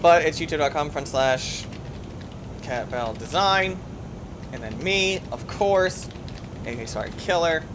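A young man giving excitable let's-play commentary as a gaming YouTuber, yelping and shrieking when things go wrong. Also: a little high, measured pace, long pauses, background noise. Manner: excitable, yelps and shrieks at in-game deaths.

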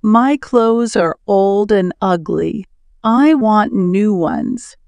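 A woman's voice: medium pitch, extremely slow, vocal fry, a little mellow, smooth, dry recording. A woman reading as a discontented wife. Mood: demanding. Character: poor man's discontented young wife.

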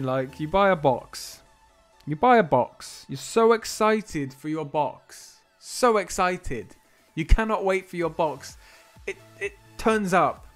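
A man with a slightly raised voice talks in a loose, chatty live-stream manner. He is excitable, laughs easily and lets some remarks drop to a near whisper. Soft music plays quietly underneath. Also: high-pitched. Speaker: streamer opening trading card boxes. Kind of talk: casual live-stream chat.

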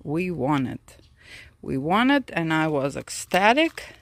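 A woman's voice: sits low, very animated, slow pace, no room sound. A woman hosting a casual garden tour vlog, chatty and out of breath from the heat, talking to her plants and her viewers. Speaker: orchid grower and channel host. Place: outdoor orchid garden.

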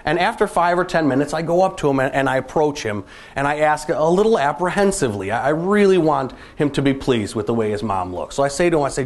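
A man's voice: fairly high pitch, fast, hardly any pauses. A middle-aged man giving a motivational keynote speech, telling stories and landing jokes with comic timing. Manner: animated, comic storytelling with punchlines. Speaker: keynote speaker.

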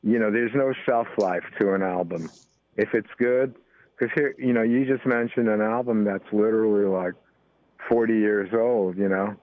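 A man's voice: on the low side, fairly even intonation, normal speed, no echo. Older American man on a tinny line. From United States. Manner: rambling, full of "you know" fillers. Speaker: guest musician. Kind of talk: casual interview talk. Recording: tinny phone-line sound.

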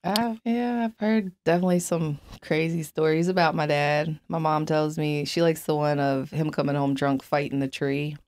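A woman's voice: low voice, steady tone, normal speed, hardly any pauses, darkish tone. A young woman as an interview guest, telling her life story candidly and bluntly, with frequent swearing and fillers. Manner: blunt, profane, many fillers.

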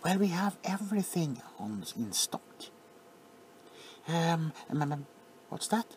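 Man acting as an overly attached pharmacist, whispered role-play, slow, apologetic, sentimental. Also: fairly high pitch, sing-song, slight background noise. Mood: sweetly doting.

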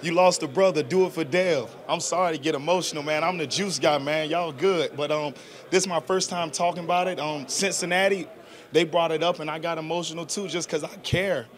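A man's voice: a little high, steady tone, fairly quick, fairly bright tone. A young man, a football player answering press questions in an earnest, casual, slangy way. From South Georgia, US. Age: 20s.

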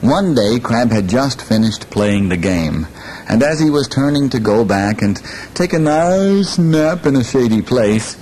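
A man reading a children's story aloud, slow and lilting, inviting listeners to join in on the repeated parts. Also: mid-range voice, expressive, darkish tone, slight background noise, low-quality recording.

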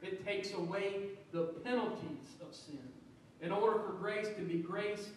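A man's voice: high voice, fairly even intonation, measured pace, a little hiss or hum. A man preaching a sermon as pastor, stressing his points with repeated words and frequent amens. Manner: preaching with emphatic repetitions and amens. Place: church sanctuary. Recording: echoey church from a distance.

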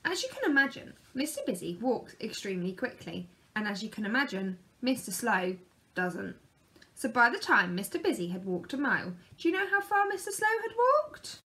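A woman reading a children's picture book aloud in a lively, expressive way. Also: on the high side, normal speed. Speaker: storyteller.

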